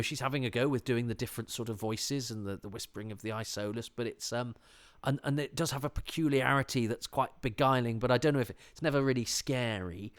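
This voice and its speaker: A man's voice: medium pitch, a bit bright. A man from England hosting a podcast, talking casually on his own, rambling with many restarts and enthusiastic asides. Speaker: podcast host. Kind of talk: casual solo commentary.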